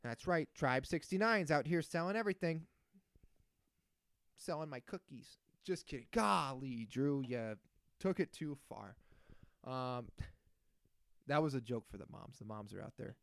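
A man's voice: medium pitch, a little slow, vocal fry, pauses often, a bit bright, dry recording. A man in his thirties hosting a solo podcast, ranting in a sarcastic, crude, casual way. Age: 30s. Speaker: podcast host.

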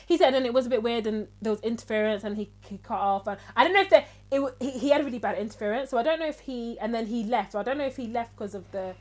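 Animated rambling woman telling a story. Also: on the high side, fast, few pauses. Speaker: podcast co-host. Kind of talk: casual storytelling chat.

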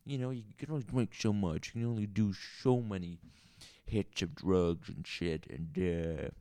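Man putting on a foul-mouthed Southern bar owner, rambling and gravelly, dry close sound. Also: on the low side, normal speed, mellow, dry recording, lightly acted. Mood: rambling, preachy. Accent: put-on Southern US. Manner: crude, rambling, swears a lot. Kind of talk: improvised character comedy.

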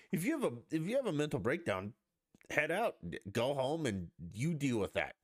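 A man's voice: mid-range voice, wildly swooping pitch, normal speed, no room sound, studio quality. A man hosting a podcast, ranting in a blunt, profane and mocking way in a casual monologue. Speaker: podcast host.

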